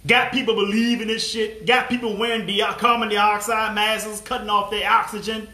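A man's voice: sits high, level tone, moderate pace, hardly any pauses, sharp tone, roomy sound. A motivational speaker, a man, in an impassioned monologue to camera, angry and blunt, swearing and repeating his phrases.

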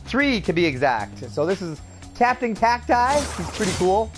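A man's voice: high voice, sing-song, normal speed, music in the background. A man from Canada chatting upbeat with viewers as a gaming streamer, laughing often. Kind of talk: casual let's-play commentary.

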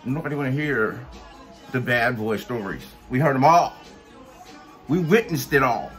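A man's voice: medium pitch, unhurried, a bit bright, faint music behind. Scornful man ranting bluntly. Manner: blunt, scornful, heavy cursing. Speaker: vlogger. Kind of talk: profane rant to camera.

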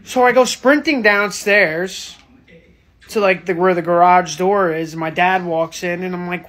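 A young man casually telling a story in an animated way, swearing a lot. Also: sits high, unhurried.

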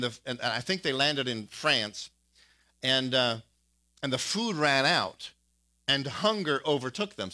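A male pastor delivers an animated sermon in a bright, fairly high voice. He tells the story in a chatty way and reads old quotations aloud with plenty of fillers.

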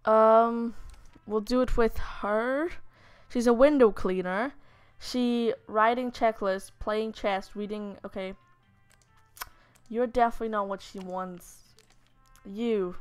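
A woman's voice: a little high, steady tone, slow pace, clear, resonant tone, dry recording. A young woman from Lithuania chatting casually through a matchmaking game, reading the characters' lines aloud in playful voices. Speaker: gaming YouTuber. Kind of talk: casual let's-play commentary.

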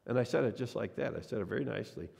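A male pastor delivering a Sunday sermon in a church sanctuary. His mid-pitched voice has a gravelly texture, and a long hall reverb trails his words. He tells stories from the pulpit and acts out the people he quotes. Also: animated, rapid-fire, darkish tone.

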